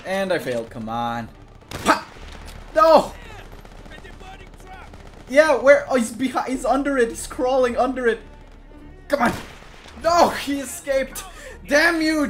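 A young man commentating his video game playthrough, joking and sarcastic and breaking into sudden shouts. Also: on the high side, a little hiss or hum. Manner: jokey, sarcastic, bursts into shouts. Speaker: gaming YouTuber. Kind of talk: gameplay commentary. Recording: clear music playing behind.

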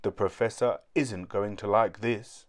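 A gloomy, sensible talking dog, voiced by a man reading a storybook, low and weary with sighing lines. He sounds resigned to trouble. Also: fairly even intonation, a little slow, lightly acted. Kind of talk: storybook read-aloud.

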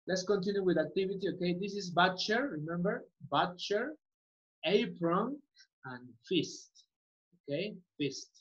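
Woman teacher, patient, repeats words slowly, asks okay often, muffled lo-fi sound. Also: fairly low pitch, expressive. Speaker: English teacher. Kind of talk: online class instruction. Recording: muffled lo-fi audio.

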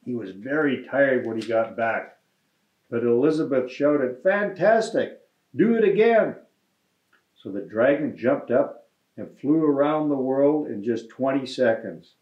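A man, a mayor, reading a children's picture book aloud in a gentle, friendly storytelling manner. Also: medium pitch, a little slow. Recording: echoey room, dull lo-fi sound.

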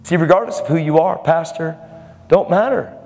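A man's voice: fairly high pitch, moderate pace, darkish tone, long reverb tail. A man preaching a fervent, emphatic sermon, laughing now and then between points.

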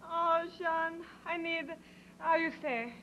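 A woman's voice: extremely high pitch, takes it slowly, sharp tone, slight background noise, exaggerated voice. A woman playing a coy French flirt. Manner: put-on French accent, coy. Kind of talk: sketch comedy acting. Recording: dull lo-fi TV audio.

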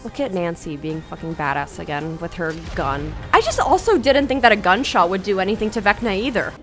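A young woman gives loose, candid commentary on a TV show, talking at an ordinary pitch in a relaxed, chatty way. She is blunt, swears freely and laughs often, and faint music plays underneath. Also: a little fast. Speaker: YouTuber. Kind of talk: casual TV commentary.

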